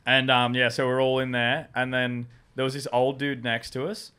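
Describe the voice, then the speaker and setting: A man's voice: mid-range voice, monotone, normal speed, pushed and bright, clean tone. A young Australian man hosting a podcast, telling stories in casual chat, swearing freely and acting out what people said. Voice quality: swears freely, storytelling with acted quotes. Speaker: podcast host.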